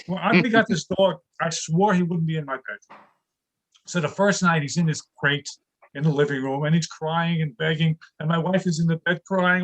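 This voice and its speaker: Older man, stand-up comedian, high voice, dry one-liners, video call. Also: moderate pace, poor audio. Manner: deadpan one-liners with punchlines.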